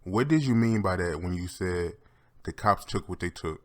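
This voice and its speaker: A man with a very low voice puts questions to a guest. He asks them directly and in plain words. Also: expressive, normal speed. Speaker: interviewer. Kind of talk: interview questions.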